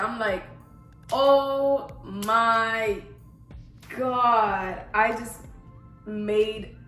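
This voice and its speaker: A young woman hosts a casual vlog Q&A, telling stories in a chatty, rambling way. Her voice sits at a middle pitch. It rings off the walls of an echoey room, with faint music in the background. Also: bright, forceful tone. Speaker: YouTuber. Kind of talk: casual vlog Q&A and story time.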